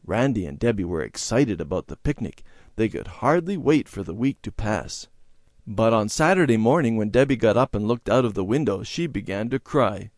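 A man reading a children's Bible story aloud in a measured, clear storytelling manner. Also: lowish voice, lively intonation, a little mellow, no room sound, clean studio sound.

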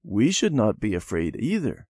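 A man's voice: on the low side, wildly swooping pitch, moderate pace, darkish tone, slightly rough, no room sound, studio quality, heavily acted. A man voicing a young boy in a storybook, earnest and reassuring.

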